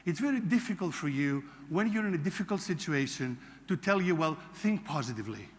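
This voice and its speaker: A man from Greece, a psychology lecturer giving an animated conference talk and acting out quotes. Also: fairly high pitch, fairly quick. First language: Greek. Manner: animated storytelling, acts out quotes. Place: large conference hall. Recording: reverberant hall.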